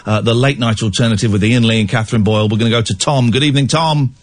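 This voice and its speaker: A man's voice: fairly even intonation, quick pace. A man hosting a late-night radio phone-in, chatting in a rambling, self-mocking way on a close studio mic. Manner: rambling, self-mocking, jumps between pitches. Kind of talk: casual talk radio chat. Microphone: close studio microphone.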